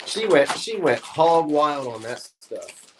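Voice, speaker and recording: A man's voice: a little high, big pitch swings, takes it slowly, background noise. A man co-hosting an antiques show, chatting casually and explaining vintage glassware in detail.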